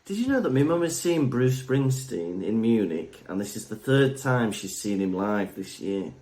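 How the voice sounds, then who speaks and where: A man's voice: fairly low pitch, moderate pace. A young man co-hosting a podcast, chatting casually in a jokey, rambling way. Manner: jokey, rambling, lively storytelling. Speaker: podcast co-host. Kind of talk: casual chat.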